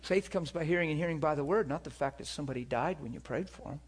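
A man preaching a sermon, moving between hushed, whispered moments and loud, impassioned stretches. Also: fairly high pitch, fast talker, breathy edge.

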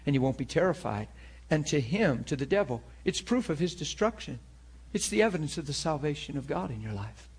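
A man preaching a sermon to a class, talking in an animated, conversational way. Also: fairly high pitch, brisk, few pauses, slightly rough.

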